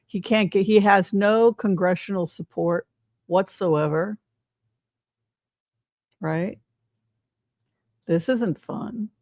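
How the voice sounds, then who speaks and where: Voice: mid-range voice, slow pace, pauses often, a little mellow, no echo. Chatty tarot reader, dry close sound. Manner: chatty, asks rhetorical questions. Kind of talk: casual livestream commentary.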